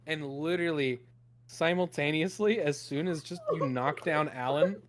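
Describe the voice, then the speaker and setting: A man's voice: a little high, moderate pace. A man running a tabletop game as game master, narrating loosely with fillers and laughter.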